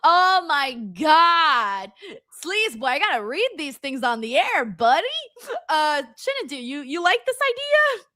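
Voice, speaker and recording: A young woman hosting a live wrestling watch stream, reading viewer messages aloud and reacting with loud, animated exclamations. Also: high voice, moderate pace, no echo, clean studio sound. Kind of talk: casual live-stream chat reading super chats.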